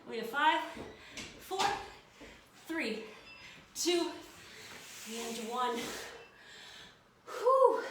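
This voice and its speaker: A breathless woman coaching a workout, panting between cues and counting down to keep people going. Her voice sits a little high and comes from some distance, in an echoey room with clear noise behind her. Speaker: fitness instructor. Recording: echoey room from far off, noisy.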